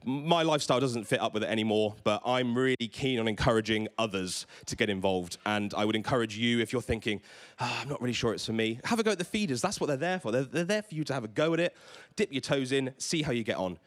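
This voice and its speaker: A man's voice: medium pitch, lively intonation, quick pace. Stammering man giving a stage talk. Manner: enthusiastic, stammers and repeats words. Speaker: conference presenter. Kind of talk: conference talk with audience questions. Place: event stage before a live audience.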